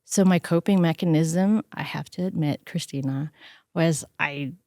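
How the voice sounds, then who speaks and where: A middle-aged woman telling personal stories in an interview, animated and acting out the voices of the people she quotes. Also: deep voice, unhurried, no echo, clean studio sound. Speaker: interview guest. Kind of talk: conversational storytelling.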